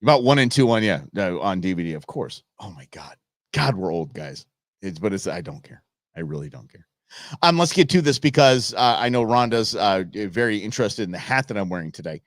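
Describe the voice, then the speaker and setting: A middle-aged man from the Los Angeles area hosts a live show, ranting casually and answering his chat in an opinionated way. His voice is fairly low, sing-song and brisk, on a dry, clean studio recording.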